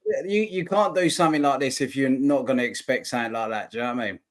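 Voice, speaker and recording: A man's voice: medium pitch, fast. A man co-hosting a casual football chat, joking and matey with his co-host.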